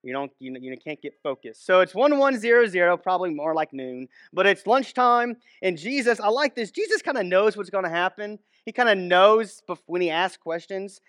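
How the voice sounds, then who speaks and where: A man's voice: high voice, expressive, moderate pace, few pauses, a bit bright, dry recording, clean studio sound. A young man, a minister, giving a casual, conversational Bible teaching with many restarts and asides.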